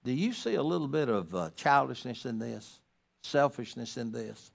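A man preaching a sermon as pastor to his congregation in church, emphatic, swinging between loud rises and quiet drops. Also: medium pitch, animated, moderate pace, creaky. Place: church sanctuary.

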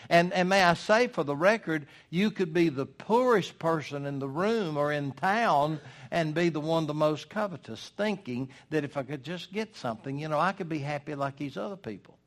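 An older man preaching a sermon in a folksy, emphatic way, with dramatic pauses. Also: fairly high pitch, animated.

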